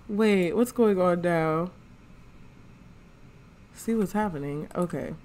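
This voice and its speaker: Female gaming host, relaxed drawl, casual playful narration. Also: fairly low pitch, takes it slowly, pauses often. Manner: chatty, slangy, narrates characters' thoughts. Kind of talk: casual let's play commentary.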